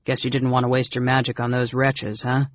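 A man voicing a big, blunt male warrior with a gruff, plain-spoken manner. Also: medium pitch, monotone, fairly quick, no room sound, lo-fi sound, lightly acted.

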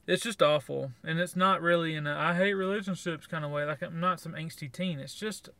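A man's voice: fairly high pitch, fairly even intonation, a little fast, pushed and bright, no echo. A man co-hosting a podcast, giving blunt, sarcastic opinions in casual review chat. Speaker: podcast co-host.

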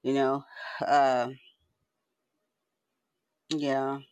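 A man's voice: mid-range voice, level tone, drawn-out words, smooth, dry recording. A man hosting a livestream from home, chatting in a loose, rambling way that keeps restarting words, swearing freely. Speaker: livestream host. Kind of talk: casual rambling monologue. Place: at home, indoors.

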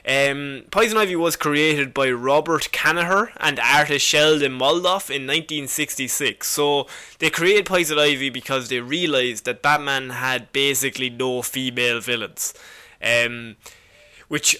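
A man's voice: medium pitch, normal speed, pushed and bright, smooth. A man co-hosting a podcast, explaining a comic villain's history in a casual, jokey way and laughing often. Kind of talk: casual chat.

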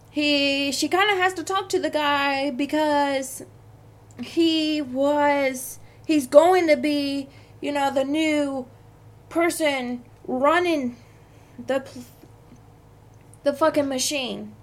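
A woman's voice: high-pitched, steady tone, slow pace, long pauses. A young adult woman hosting a podcast, telling a heated workplace story with lots of swearing. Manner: profane, venting, heated. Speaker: podcast host. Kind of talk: casual storytelling monologue.

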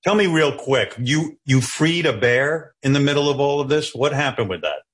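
A man hosting a talk show from his home office over a video call, asking quick prying questions and teasing his guest. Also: medium pitch, expressive, husky. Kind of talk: casual interview chat.

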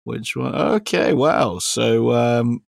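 A man's voice: mid-range voice, takes it slowly, gravelly, dry recording. A man hosting a podcast, chatting casually in a dry, teasing way with lots of fillers. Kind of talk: casual chat.

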